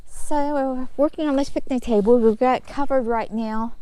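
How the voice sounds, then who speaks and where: A woman's voice: high voice, normal speed, warm tone. A woman vlogging outdoors in her farmyard, explaining her chores in a casual, easygoing way as she goes. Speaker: homesteading vlogger. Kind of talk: casual walk-and-talk narration.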